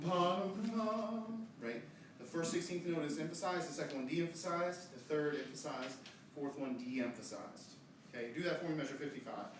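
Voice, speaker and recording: A man leading a choir rehearsal who gives brisk, quiet instructions, counts in and demonstrates phrases. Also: on the high side, a little hiss or hum. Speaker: choir director. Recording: echoey room, far from the mic, choir and piano behind.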